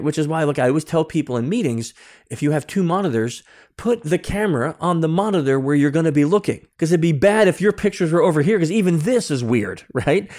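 A middle-aged man as a podcast guest, telling lively anecdotes and explaining them step by step in a casual way. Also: a little high. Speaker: guest, security consultant and author. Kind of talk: casual interview storytelling.

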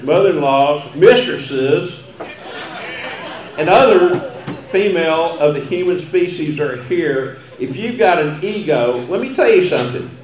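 Folksy Texan man in an echoey hall. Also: fairly high pitch. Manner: folksy storytelling with chuckles. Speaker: after-dinner speaker. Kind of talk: humorous banquet speech. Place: banquet hall.

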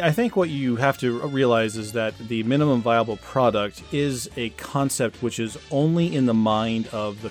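A man playing a calm, reasonable debater. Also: medium pitch, close to an everyday voice. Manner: measured, lecturing. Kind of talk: mock debate.

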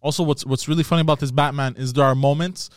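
A man's voice: a little high, fairly even intonation, fast, no echo, studio quality. A man in casual chat who chips in with short, hesitant remarks and fillers.

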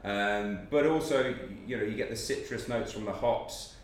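This fairly low-pitched man talks at a moderate pace, chatting about beer as a brand's guest on a laid-back podcast. Recorded in a spacious pub with a faint hum of background noise, he explains things thoroughly and leans on fillers.

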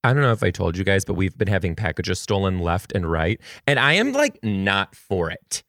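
Excitable, chatty man, kindergarten teacher. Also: low voice, normal speed, no echo, studio quality. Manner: animated, gushing, excitable; chatty with frequent "like" fillers. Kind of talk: casual storytelling to viewers.

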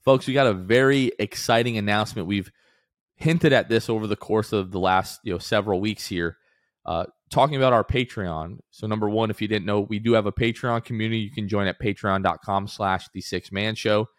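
Man co-hosting a podcast, lower voice. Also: fairly quick, no echo, clean studio sound. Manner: upbeat, rambling, with many fillers. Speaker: podcast co-host. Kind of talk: casual podcast chat.

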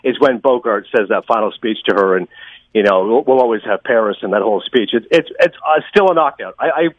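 A man talking about films on a podcast, fast and enthusiastic, with lots of opinions. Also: lowish voice, lively intonation, no echo, muffled recording. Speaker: podcast guest, film critic. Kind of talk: casual podcast chat.

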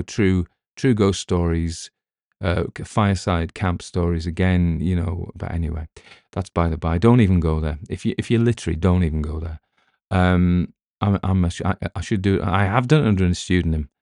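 A man's voice: deep voice, mellow, dry recording, clean studio sound. A middle-aged man with a British accent, an audiobook narrator rambling in casual chat with wry asides.

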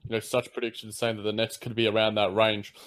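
A man's voice: lowish voice, little pitch movement, fairly quick, fairly bright tone. A man with an Australian accent chatting casually about basketball on a podcast, loose and teasing. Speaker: podcast co-host. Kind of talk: casual sports chat.

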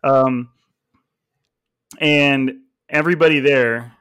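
A man in his thirties hosts a casual sports podcast and tells a loose, rambling story. His voice sits at an ordinary middle pitch and sounds close and dry, with no room around it. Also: slow pace, clean tone, no echo. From California. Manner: relaxed storytelling with fillers and laughs. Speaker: podcast host.

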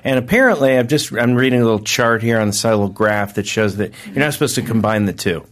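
A man in his thirties co-hosting a comedic casual chat, joking and playful. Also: fast. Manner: playful, joking, breaks into shrill silly yells. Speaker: co-host.

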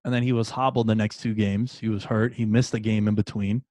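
A man hosting a casual sports talk show, loose and jokey, with animated bursts of emphasis. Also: on the low side, fairly quick, dry recording. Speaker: podcast host.

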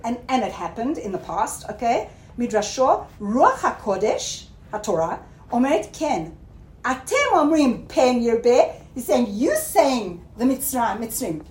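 Here a woman teaches Torah to a class, weaving Hebrew words into her English and often pausing to check on her students. Her tone is a little mellow, yet her pitch climbs for emphasis on key points. There's a roomy echo and some faint background noise.

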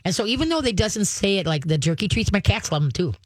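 A woman's voice: medium pitch, very animated, fast talker, no echo. Woman dog-trainer host for a call-in show, folksy and chatty, dry close mic. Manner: folksy, chatty, acts out firm dog commands. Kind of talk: casual call-in advice.

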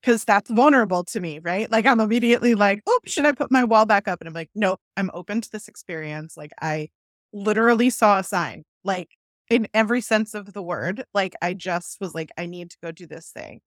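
A woman's voice: mid-range voice, a little fast, no room sound, studio quality. A woman in casual conversation, adding reflective remarks to a friend's story. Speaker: podcast guest.

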